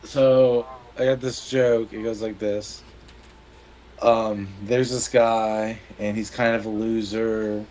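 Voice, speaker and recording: A man on a casual podcast, telling stories slowly with many fillers and pauses. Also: lowish voice, darkish tone, slight background noise. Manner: slow, halting storyteller with many fillers.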